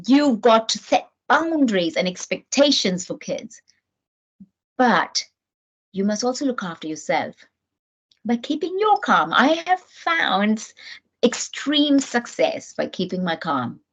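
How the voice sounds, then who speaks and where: A middle-aged woman from New Zealand gives an earnest, animated parenting talk with frequent restarts. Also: medium pitch, breathy edge. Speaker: parenting speaker. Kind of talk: motivational talk to camera. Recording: dull lo-fi sound.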